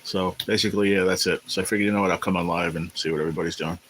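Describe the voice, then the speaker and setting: A man hosting a casual live stream, rambling in a laid-back way and greeting viewers by name, sounding tired and low on energy. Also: fairly even intonation, quick pace, sharp tone, a little hiss or hum, poor audio. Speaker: livestream host. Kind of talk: casual livestream chat.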